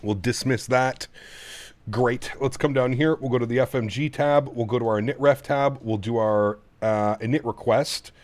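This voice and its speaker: A man's voice: mid-range voice, moderate pace, darkish tone. A man streaming a flight simulator, chatting casually and thinking aloud as he sets up a flight at his home sim setup. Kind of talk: casual live-stream chat.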